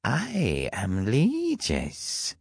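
A man voicing a tall masked elven fawn woman with a soft accent, who speaks in a slow, formal, detached way. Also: fairly low pitch, huge pitch swings, gravelly, slightly rough, dry recording, clean studio sound, voice pushed up, exaggerated voice.

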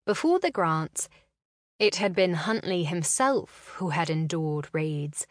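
A woman reads a historical novel as scripted narration, slow and measured. Her voice sits fairly low. The sound is dry and close, with no room around it. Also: animated, no room sound.

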